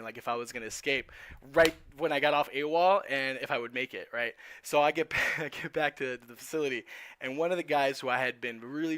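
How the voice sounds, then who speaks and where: A young man from New Jersey telling a personal story in an animated, profane way, acting out the dialogue. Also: medium pitch, dry recording. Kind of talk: casual storytelling.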